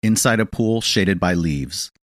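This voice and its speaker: Very low-voiced male storyteller. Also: animated, unhurried, no room sound. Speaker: audiobook reader. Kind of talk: scripted narration of an audio play.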